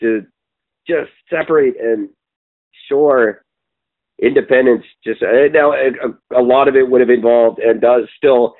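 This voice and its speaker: Here a Canadian co-host rambles through podcast banter, profane and opinionated, with many pauses on um. His voice sits mid-range and comes across tinny and thin, as if over a phone.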